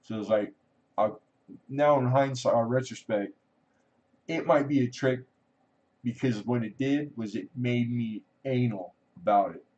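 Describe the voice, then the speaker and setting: A man's voice: measured pace, pauses often, a little mellow. A man hosting a casual livestream chat, telling a long personal story in a rambling way, laughing often and trailing off. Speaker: livestream host. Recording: muffled low-fidelity audio.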